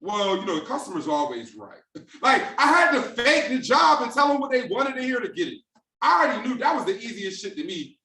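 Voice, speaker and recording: A man's voice: very high-pitched, animated, a little fast, sharp tone. A man coaching a sales team on a group call, talking in street slang and acting out conversations in different voices. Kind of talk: motivational training talk on a group call. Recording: roomy and distant from the mic.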